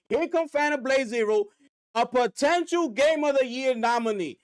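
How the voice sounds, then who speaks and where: A man's voice: extremely high pitch, measured pace. A man streaming gaming commentary, ranting with rhetorical questions and mocking asides. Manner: animated, rhetorical, drops into mocking voices. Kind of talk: live-stream commentary rant.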